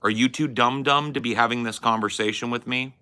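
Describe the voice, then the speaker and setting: A man's voice: mid-range voice, steady tone, brisk, pushed and bright, smooth. A young man hosting a stream, ranting at a chat member in a combative, mocking and profane way. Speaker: stream host arguing with chat. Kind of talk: heated stream rant.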